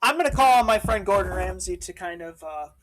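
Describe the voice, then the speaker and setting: A male podcast co-host in casual chat who gets excited quickly and cuts in on the other speaker. He jokes around and riffs freely. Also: high-pitched, rough recording. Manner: excitable, interrupting, jokey.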